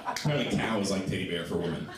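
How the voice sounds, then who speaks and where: A man's voice: sits low, lively intonation, very fast, over a noisy crowd. Guy doing a stand-up set, wry and dry, voice bouncing all over, mic far off in a super echoey club. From Ohio. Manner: wry, storytelling delivery with dry asides. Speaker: stand-up comedian. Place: small comedy club stage.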